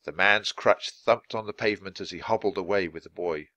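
A man reading a children's storybook aloud for English learners, narrating clearly and expressively. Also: low voice, fairly quick, bright, forceful tone, no echo, lo-fi sound. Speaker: storybook reader.

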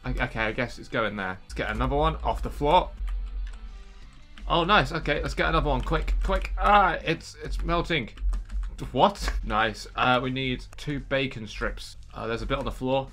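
A man giving joking, excitable commentary while playing a game, often breaking into startled yelps. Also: medium pitch, normal speed, soft background music. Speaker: gameplay streamer. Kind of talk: casual let's-play commentary.

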